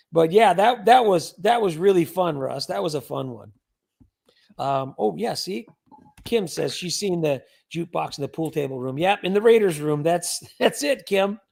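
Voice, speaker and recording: A man with a high voice and a gravelly, creaky texture hosts a relaxed livestream. He chats loosely and reads out viewers' names as he goes. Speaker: livestream host. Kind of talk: casual livestream chat.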